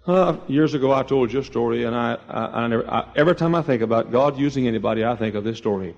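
An older man preaching a sermon, telling folksy stories and swinging between quiet asides and loud, high exclamations. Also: fast, creaky, hardly any pauses, lo-fi sound. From East Texas. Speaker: pastor.

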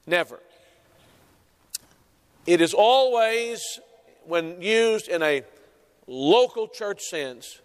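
A man delivers a sermon, pressing his points through repetition and slow, weighted emphasis. His voice sits high for a man. The sound carries a long hall reverb, as from a church sanctuary. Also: expressive, clean tone. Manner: emphatic preaching with repeated phrases and drawn-out stresses. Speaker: pastor.

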